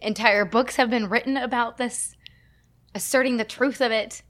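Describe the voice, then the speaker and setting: A woman's voice: on the high side, fairly even intonation, normal speed, a bit bright. Laid-back woman podcast host. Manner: casual, laughs often, explains facts playfully. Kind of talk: casual podcast chat.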